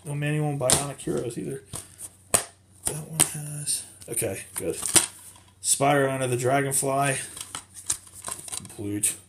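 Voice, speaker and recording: Slow-talking man, chatty collector vlog. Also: medium pitch, steady tone. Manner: rambling, self-correcting, chatty. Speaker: game collector showing finds. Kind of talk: casual show-and-tell vlog. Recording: clear background noise with clicks.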